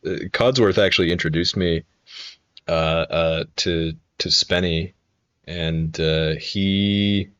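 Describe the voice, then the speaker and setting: Low-voiced rambling young male streamer. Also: a bit bright, dry recording. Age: 20s. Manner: rambling storyteller, profane, many fillers and restarts. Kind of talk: casual live-stream chat.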